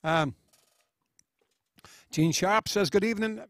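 A man's voice: high-pitched, takes it slowly, a bit bright, no echo, studio quality. A man hosting a live stream, chatting casually, reading out viewers' greetings one by one with friendly, rambling asides. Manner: chatty and friendly, with frequent uh fillers. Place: small studio.

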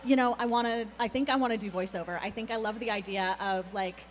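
A woman's voice: mid-range voice, steady tone. Bubbly woman voice actor, echoing hall. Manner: bubbly, quick and laughing. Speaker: voice actor guest. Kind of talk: convention interview. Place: convention hall. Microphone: handheld mic. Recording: reverberant hall with faint background noise.

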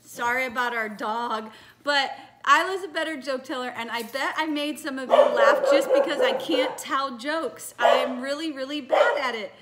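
A woman's voice: high voice, moderate pace, hardly any pauses, heavy background noise. A woman leading a church children's message, chatting playfully and laughing at herself as she tells jokes to children. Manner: playful, giggly, self-teasing. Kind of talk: casual talk to children.

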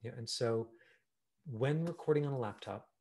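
Acting coach, male, mid-pitch, loose conversational teaching with playful acted asides. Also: moderate pace, slight background noise. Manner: chatty, animated, full of fillers and acted-out examples. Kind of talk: online acting class.

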